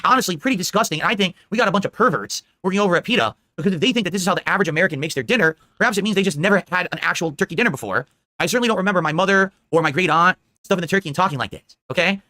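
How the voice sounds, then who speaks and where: A man's voice: sits high, lively intonation, racing, pushed and bright, no room sound. A man hosting a live political commentary stream, talking indignantly and rambling, with many "all right?" asides.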